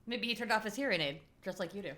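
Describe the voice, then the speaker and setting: A woman with an animated, swooping pitch and a bright tone throws rapid questions and jokes at the screen. She is one of the co-hosts in a casual podcast watch-along, talking into a podcast mic. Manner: quick-quipping, questioning and giggly. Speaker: podcast co-host. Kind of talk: casual movie commentary chat.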